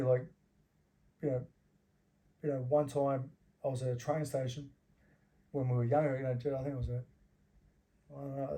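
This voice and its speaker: Casting: middle-aged Australian man, dark mellow voice, swears freely, laughs through his stories. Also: medium pitch. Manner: rough, profane, laughs while telling stories. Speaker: interview guest. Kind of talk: casual storytelling with heavy swearing.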